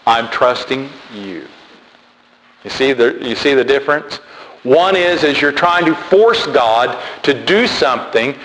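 A man preaching a sermon, animated and emphatic, repeating key words. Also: medium pitch, moderate pace. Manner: animated, repetitive emphatic delivery. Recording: echoey hall with faint noise.

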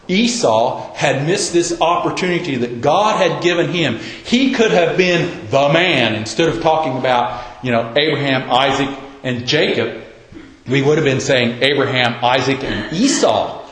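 A man's voice: on the high side, fairly bright tone. A man preaching a sermon, telling the story in a folksy, conversational way. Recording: roomy echo.

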